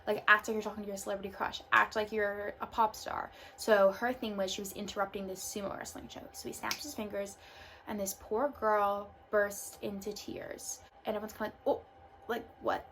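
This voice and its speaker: Talking a little fast in a flat, mid-range voice that's a bit bright, a young woman shares a personal story on her casual vlog. She leans heavily on "like" and loose asides, and faint background noise can be heard.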